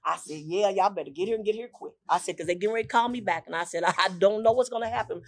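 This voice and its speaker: Older woman, mid-pitched, emotional storyteller on a talk show, acts out quoted voices and repeats herself. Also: very fast. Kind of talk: personal testimony on a talk show.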